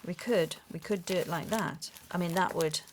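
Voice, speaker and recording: A woman hosting a craft video, chatting casually and gushing with excitement as she opens a parcel. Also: fairly low pitch, moderate pace, slight background noise. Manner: gushing, excitable, with gasps and exclamations. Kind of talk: casual unboxing chat.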